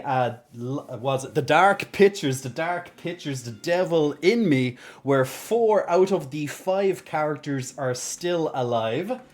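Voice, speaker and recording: A woman's voice: a bass voice, a little mellow. A woman streamer chatting casually on a game livestream, giggly and rambling.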